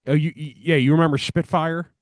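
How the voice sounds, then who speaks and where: A man in a casual podcast chat, animated, swearing often and saying "dude" a lot. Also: on the high side, a little fast, no echo, clean studio sound.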